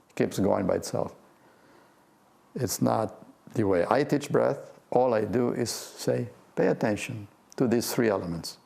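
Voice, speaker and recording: An older man, a physics professor, gives a gentle, playful guided talk on breath meditation and laughs often. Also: mid-range voice, gravelly. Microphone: video talk to a remote audience.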